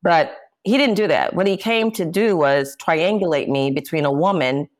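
A woman's voice: low voice, moderate pace, few pauses. A woman, a jazz singer, speaking as an interview guest and candidly recounting personal events with emphatic, impassioned delivery.

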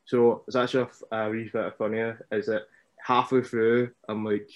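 A young man with a Scottish accent, a wrestler chatting casually as a podcast guest and telling stories in an animated way. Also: fairly low pitch, normal speed, lo-fi sound. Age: young adult.

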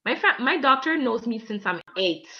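A woman in her twenties from Canada, a podcast guest telling personal stories in a lively, casual way and acting out both sides of conversations. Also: a little high, moderate pace, dull audio. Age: 20s. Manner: lively, acts out both sides of conversations, laughs mid-story. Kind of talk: casual storytelling.

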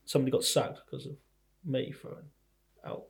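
A man's voice: mid-range voice, flat delivery, moderate pace, gravelly. A man from North East England chatting casually, backing the other speaker up with plenty of fillers. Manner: chatty, many fillers and affirmations. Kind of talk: casual storytelling chat.

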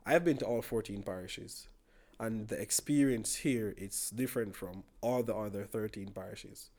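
A man's voice: fairly low pitch, normal speed, a little mellow. Young Jamaican man chatting easily. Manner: rambling, repeats words while thinking. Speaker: podcast guest. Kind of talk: casual chat.

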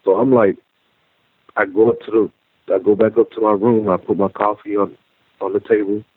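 A man telling his own story as a guest, halting and repeating words as he goes. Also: fairly low pitch, little pitch movement, husky, no room sound. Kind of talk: personal storytelling. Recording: tinny phone-like line.

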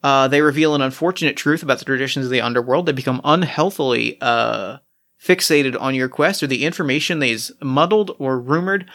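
A man's voice: medium pitch, fairly quick. A man playing a tabletop game, chatting casually and reading out rules. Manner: relaxed, chatty, reads out rules. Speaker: player.

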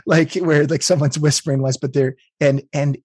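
A man's voice: on the high side, steady tone, normal speed, a little mellow, husky, dry recording, clean studio sound. A man from Canada, a game developer, talking through his choices in an interview, with many restarts and fillers. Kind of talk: interview, conversational.

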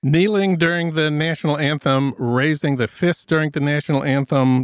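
A man hosts an interview and asks his questions with dry irony. His voice sits a little high, and the sound is close and dry, with no room echo. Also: steady tone, moderate pace, hardly any pauses. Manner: dry, ironic. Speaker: host. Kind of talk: interview hosting.

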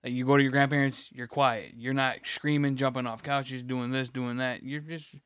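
A man's voice: medium pitch, little pitch movement, moderate pace, fairly bright tone, smooth, no room sound. A man ranting on a podcast, rambling with many restarts and plenty of swearing. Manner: rambling, restarts a lot, profane rant. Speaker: podcast co-host. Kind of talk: casual ranting chat.

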